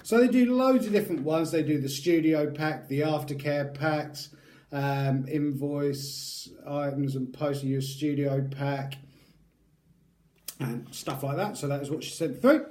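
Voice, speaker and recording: A man's voice: a little high, unhurried, dark tone. A man giving a rambling, jokey unboxing review of a tattoo aftercare product, talking straight to his viewers. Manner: rambling, chatty, jokey asides.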